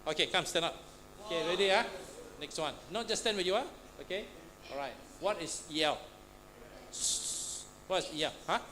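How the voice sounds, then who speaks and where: A man's voice: sits high, fairly quick, pushed and bright. A man teaching a class, quizzing students with frequent "huh?" and "all right". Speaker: Pathfinder class instructor. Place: church classroom. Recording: noisy room recording.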